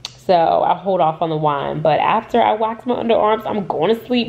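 A woman's voice: fairly low pitch, moderate pace, vocal fry, highs cut off, slight background noise. Chatty young woman vlogging with a head cold. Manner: candid, chatty, swears freely. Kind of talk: casual vlog chat to camera. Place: home and in a car.

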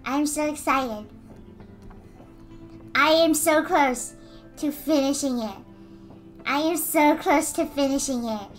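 A woman streaming casually while she draws, answering chat, giggly and given to excited squeals. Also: high voice, slow, long pauses, faint music behind. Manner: responds to chat messages.

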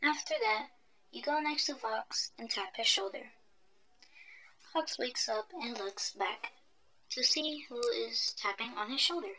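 A woman narrating a listener role-play story in a soft, half-whispered ASMR manner. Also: fairly high pitch, sing-song, unhurried, rough recording.

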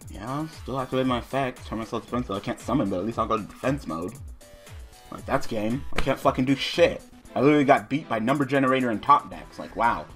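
Faint music sits behind a young man's mid-range, somewhat bright voice as he talks fast through his online card game. Muttering the cards as he reads them, he grows frustrated and swears heavily whenever his draws disappoint, a card game video host.

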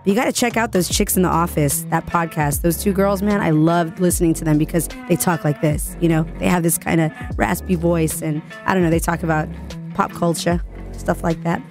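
Brief: hoarse woman radio DJ, raspy from a cold, lowish pitch, light music underneath. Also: fairly quick. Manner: chatty and playful, jokes about herself. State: sick, hoarse. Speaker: radio DJ and podcast host. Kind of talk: casual solo podcast chat.

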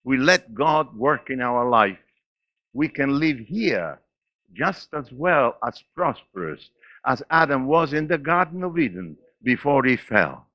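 A man in his eighties with a foreign accent, preaching a sermon in church with laughs and sudden swings between loud and quiet. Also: mid-range voice, sing-song, a little slow, dry recording, highs cut off. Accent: non-native English. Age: 80s. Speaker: pastor.

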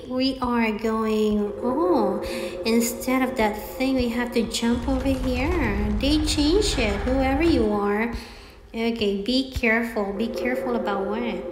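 A woman giving chatty, excitable commentary while playing a game, talking to herself and her viewers. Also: on the high side, slight background noise. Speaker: gameplay streamer. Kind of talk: live gameplay commentary. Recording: echoey room with long reverb.

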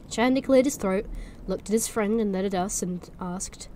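Lady reading a ghost story out loud, dark mellow voice, relaxed. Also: mid-range voice, moderate pace, few pauses. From Norfolk, England. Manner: relaxed, self-correcting, apologetic asides. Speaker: streamer reading aloud.

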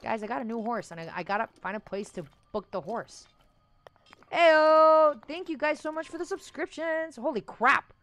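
A woman's voice: high-pitched, fairly even intonation, moderate pace. A young woman live-streaming a video game, chatting with viewers and scolding her horse, laughing often. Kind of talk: casual live-stream chat.

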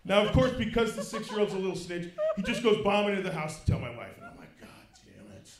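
High, lively stand-up comic man. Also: fast, crowd noise. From Kansas City, United States. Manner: animated, swings from low mutters to loud shouted punchlines. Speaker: stand-up comedian. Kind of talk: stand-up comedy set. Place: comedy club stage. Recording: roomy club sound.

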